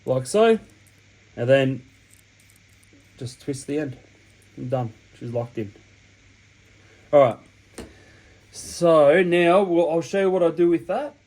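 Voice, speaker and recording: A man's voice: on the high side, slow, pauses often, darkish tone, rough recording. Sniffly Australian man talking a tutorial. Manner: rambling, chatty, self-correcting explanations. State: sniffly from a cold. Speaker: hobby channel host. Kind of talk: casual step-by-step tutorial. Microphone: camera mic while working.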